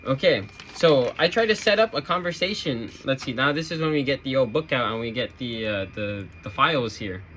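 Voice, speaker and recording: A man's voice: medium pitch, expressive, brisk, sharp tone, a little hiss or hum. Aggrieved man venting about work. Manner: aggrieved, sarcastic, rambling. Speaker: retail store worker. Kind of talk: casual storytelling to camera.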